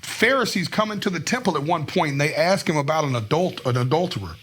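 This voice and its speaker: A married man chatting casually as a podcast guest, telling stories in an animated, profane way. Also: a little high, quick pace, a little hiss or hum. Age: adult, married. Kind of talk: casual chat.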